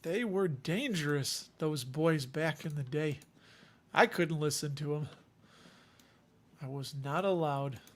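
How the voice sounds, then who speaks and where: A man with a Chicago accent and a fairly high voice hosts a casual livestream from home. He rambles and jokes at his own expense as he chats to his viewers. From Chicago area. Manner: rambling, joking, self-deprecating. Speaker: dividend investing livestream host.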